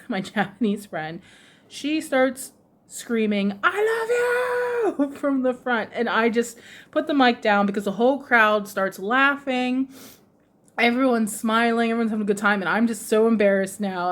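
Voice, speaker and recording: A woman vlogger telling a casual story in an animated way, laughing often and acting out other people's lines. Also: a little high, normal speed. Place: lives in Japan, runs a shop with her husband.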